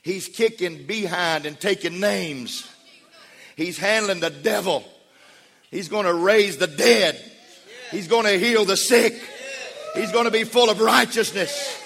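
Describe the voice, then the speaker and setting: A man voicing the proud heavenly father booming down from heaven, in a gravelly, drawn-out, exultant way, with a long church reverb. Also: bright, forceful tone, slight background noise, exaggerated voice.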